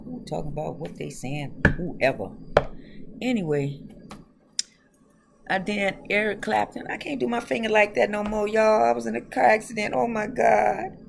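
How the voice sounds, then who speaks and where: A woman hosts a casual tarot reading, rambling from one thought to the next and addressing her viewers directly. Her voice sits low with a gravelly fry. The recording carries a clear bed of background noise. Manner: rambling, chatty, talks straight to viewers; laughs often. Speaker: tarot reader.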